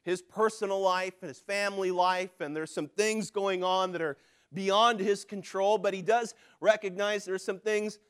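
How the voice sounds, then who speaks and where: A high-pitched man preaching a sermon. He builds to loud, driving lines, then drops to a hush, and acts out the voices of the people in his stories. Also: steady tone, moderate pace, clear, resonant tone. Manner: preaching with dramatic swings from loud to hushed. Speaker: pastor.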